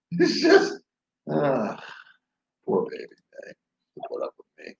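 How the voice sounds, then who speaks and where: Man, lively up-and-down voice, rambling jokey chat, echoey room, dull lo-fi sound. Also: on the high side, a little slow, gravelly, pauses often. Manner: rambling, chuckling, jokey storytelling. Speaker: live stream host. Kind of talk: casual late-night live stream chat. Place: home in the Philippines.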